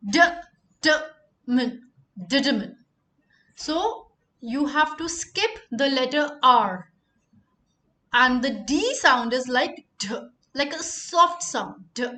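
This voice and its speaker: A woman teaching pronunciation. She speaks in a high voice and takes her time, saying each word carefully several times over. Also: expressive, sharp tone. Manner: repeats words slowly for emphasis. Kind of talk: pronunciation lesson.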